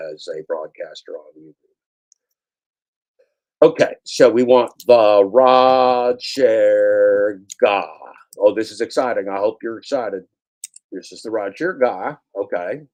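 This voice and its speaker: Male YouTuber, lowish voice, sarcastic, rambling, doubles back on his own lines while sharing his screen. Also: darkish tone, husky. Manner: sarcastic, repeats phrases, mock-scolding asides. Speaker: YouTube broadcaster. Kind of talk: rambling screen-share commentary.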